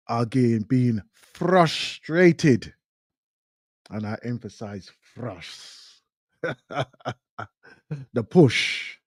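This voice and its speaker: A male radio host in full flow, his pitch rising and falling in wide swings as he hammers each point home. He speaks slowly and leans on his words, repeating them for weight, and his voice sounds close and dry with no room around it. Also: darkish tone, breathy edge, dry recording. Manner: emphatic, repeats phrases for stress. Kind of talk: impassioned talk radio monologue.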